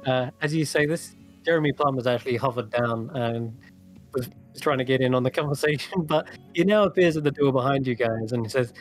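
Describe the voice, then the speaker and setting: A man's voice: mid-range voice, brisk, soft background music. Chatty man running a tabletop game. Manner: laughs a lot, relaxed and chatty. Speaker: game master.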